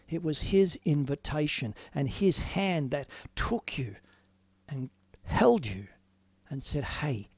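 An earnest man preaching slowly and deliberately in a gravelly voice that sits a little high for a man. He drifts between quiet, musing reflection and sudden emphatic declarations. The sound is dry and close, with no room around it. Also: dry recording. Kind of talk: informal sermon, devotional talk.

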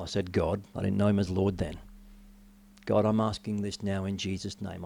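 A middle-aged man giving a sermon testimony, telling his story with dramatic rises and drops in pitch and volume. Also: vocal fry. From Australia. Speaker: preacher.

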